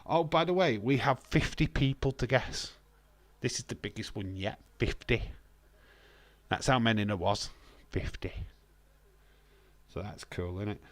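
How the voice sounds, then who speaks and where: A man's voice: fairly low pitch, unhurried, no echo. An English man, a young adult, hosting a casual live stream, joking and bantering with viewers in the chat. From England. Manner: jokey, banters with chat, bursts of laughter and loud exclamations.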